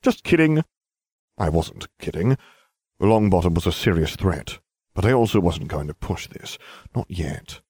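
A man's voice: low-pitched, moderate pace, darkish tone, breathy edge, no echo. A man reading first-person fiction aloud with dry, wry narration. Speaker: audiobook reader.

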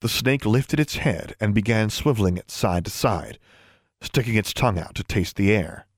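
A man narrating a fantasy audiobook in a steady, measured reading. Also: fairly low pitch, no room sound, clean studio sound. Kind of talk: scripted story narration.

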